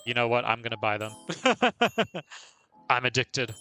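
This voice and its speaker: Male streamer, bright, forceful voice, chatty play-by-play with frequent laughs. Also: medium pitch, very animated, slow, faint music behind. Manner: chatty, laughs often, narrates own moves. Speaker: game streamer. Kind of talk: casual live gameplay commentary.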